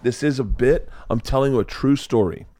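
A middle-aged man hosting a podcast, telling stories in a profane, animated way and acting out voices. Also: medium pitch, a little fast, no echo. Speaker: comedian podcast host. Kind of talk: casual chat.

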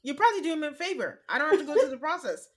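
A woman co-hosting a podcast, chatting casually and retelling scenes by quoting people in a flat, drawn-out voice. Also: high-pitched. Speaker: podcast co-host. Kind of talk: casual recap chat.

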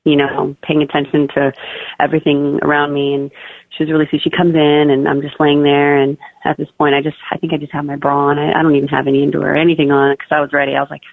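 A woman's voice: low-pitched, little pitch movement, quick pace, gravelly, no room sound. Chatty young woman over a tinny phone line. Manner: chatty, fills speech with "like" and "you know". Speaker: guest. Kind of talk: personal birth story told in an interview.

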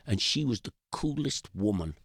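An older man spins loose, rambling anecdotes, his voice sitting low and relaxed. He doubles back and restarts his sentences often, animated as he tells a story. The sound is dry and close, with no room around it. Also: normal speed, creaky, breathy edge, no room sound. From Britain. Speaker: guest. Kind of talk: casual interview storytelling.

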